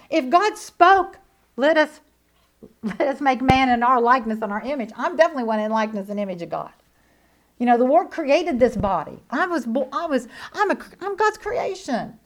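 Animated woman preaching. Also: a little high. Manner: animated, emphatic, swings between loud declarations and hushed asides. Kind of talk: sermon testimony.

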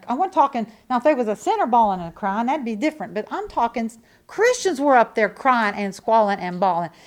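A woman preaching a sermon in an emphatic, repetitive way. She moves between loud declarations and quiet asides, with folksy rhetorical questions. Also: fairly high pitch.

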